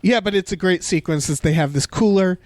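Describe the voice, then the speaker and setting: Wry joking podcast co-host, dry sound. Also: male voice, high-pitched, a little fast, darkish tone, dry recording. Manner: wry, joking, swears freely. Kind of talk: casual film discussion.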